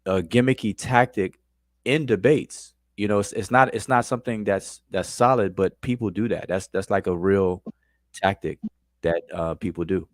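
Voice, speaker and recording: Low-voiced man, dry and analytical. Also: moderate pace, no room sound. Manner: analytical, searching for words with fillers. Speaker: co-discussant. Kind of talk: casual discussion.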